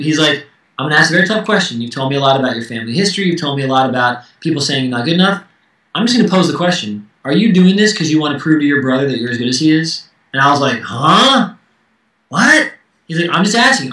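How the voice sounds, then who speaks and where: Man, musician guest, candid and animated, bright forceful voice, echoey room a bit off-mic. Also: medium pitch, far from the mic. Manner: candid, animated, acts out quoted dialogue. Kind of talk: casual interview chat.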